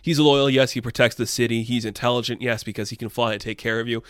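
A man's voice: medium pitch, fairly even intonation, quick pace, fairly bright tone, smooth, dry recording, studio quality. A young man talking loosely and irreverently in a casual opinion monologue, swearing now and then. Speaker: commentator.

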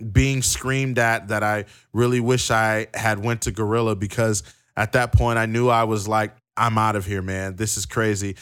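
Podcast co-host, male, low smooth voice, stammers a bit, reads quotes aloud. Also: fairly bright tone. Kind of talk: casual wrestling podcast chat.

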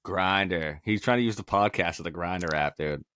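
A man's voice: low-pitched, moderate pace, a bit bright, clean tone, no room sound, clean studio sound. A man co-hosting a podcast, joking and swearing a lot with frequent laughs. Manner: joking, profane, laughs often. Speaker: podcast co-host. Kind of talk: casual chat.

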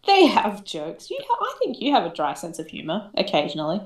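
A woman's voice: on the low side, wildly swooping pitch, quick pace. A woman co-hosting a podcast, chatting casually and teasing with frequent laughter. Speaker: podcast co-host. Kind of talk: casual chat. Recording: echoey room.

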